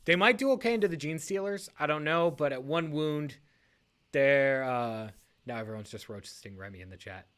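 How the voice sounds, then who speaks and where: A man with a fairly high voice and a bright, pushing edge chats loosely on a podcast. He rambles, breaks off his sentences to fix them, and laughs as he goes. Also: lively intonation, normal speed. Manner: rambling, self-correcting, laughs often. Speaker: league podcast co-host. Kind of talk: casual podcast chat.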